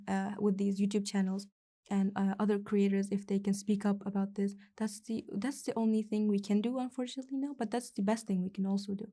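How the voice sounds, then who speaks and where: A young woman from East Turkestan, speaking softly and hesitantly as an interview guest, with frequent fillers. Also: medium pitch. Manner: soft-spoken, hesitant with fillers. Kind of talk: personal interview.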